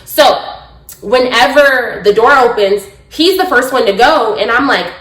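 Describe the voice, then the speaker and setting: A young adult woman vlogger telling a story with her partner, excitable and acting out quotes with squeals and laughter. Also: a little high, measured pace, roomy sound.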